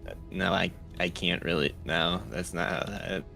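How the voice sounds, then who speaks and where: Deep, gravelly, hesitant man. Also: fairly even intonation, sharp tone, faint music behind. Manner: hesitant, halting, restarts. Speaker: player. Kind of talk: casual tabletop play.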